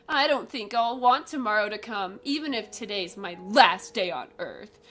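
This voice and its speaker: A woman voicing a weary, ill young woman in a live comic read-through, reading in a subdued, flat way. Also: medium pitch, unhurried. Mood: glum.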